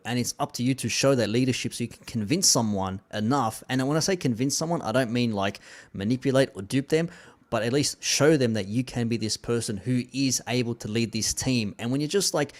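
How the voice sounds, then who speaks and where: A man's voice: medium pitch, a little fast. A man hosting a casual commentary show, reading viewer comments in a laid-back way, dropping "man" and "like" often.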